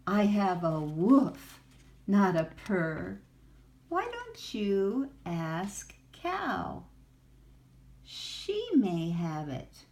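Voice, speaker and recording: Granny barking as a startled farm dog. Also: female voice, medium pitch, huge pitch swings, drawn-out words, exaggerated voice. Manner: loud barking.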